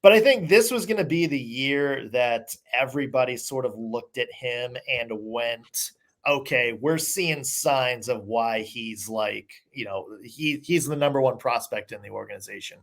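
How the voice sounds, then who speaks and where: A man's voice: mid-range voice, a little slow, fairly bright tone. A man hosting a sports podcast, chatting casually in an upbeat way with lots of fillers. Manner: upbeat, conversational with many fillers. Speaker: podcast host.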